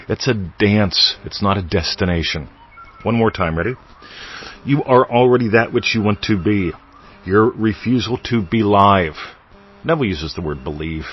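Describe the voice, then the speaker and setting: A man's voice: deep voice, moderate pace, long pauses, highs cut off, slight background noise. A man hosting a podcast, teaching in a loose, playful way with wordplay and asides. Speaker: podcast host. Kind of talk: casual spiritual teaching monologue.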